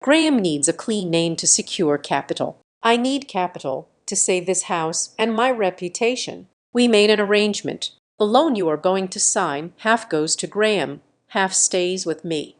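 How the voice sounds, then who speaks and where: Cold scheming dad, calm and flat, menacing under the surface, read by a woman narrator. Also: mid-range voice, normal speed, hardly any pauses, natural voice. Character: cold scheming middle-aged father. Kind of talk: narrated storytime reading.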